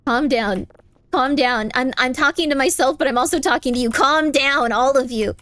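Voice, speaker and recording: A woman live streaming a game, chatting casually with her viewers in a playful, teasing way, insisting on things over and over and breaking into squeaky high protests. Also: normal speed, fairly bright tone, no echo. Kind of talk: casual live-stream chat while gaming.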